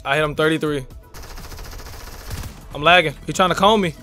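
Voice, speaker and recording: A man's voice: a little high, a little fast, sharp tone, faint music behind. A young man giving hyped, trash-talking commentary over a video game with a friend. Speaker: gaming YouTuber. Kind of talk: live gameplay commentary.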